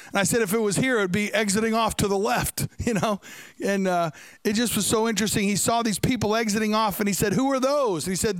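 A man's voice: high-pitched, fairly bright tone, no echo. A man preaching a sermon, telling a story with asides and questions to the congregation.

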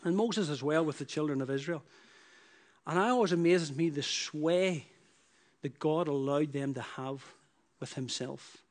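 A man preaching with a fairly high voice, driving his points home in repeated, swelling phrases. His delivery shifts between hushed, slowed lines and loud bursts. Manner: emphatic, repetitive preaching with rising bursts. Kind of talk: sermon.

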